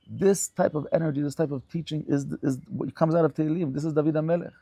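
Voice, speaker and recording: A man's voice: a little high, steady tone, fast talker, vocal fry, hardly any pauses, mellow, no echo. A man giving a Torah lecture as a rabbi, speaking fervently and emphatically and repeating phrases for stress.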